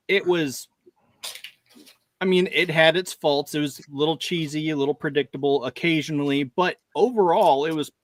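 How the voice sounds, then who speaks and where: A man's voice: on the high side, no echo, studio quality. A man co-hosting a podcast in casual chat, rambling along, laughing often and acting out lines he quotes. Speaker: podcast co-host.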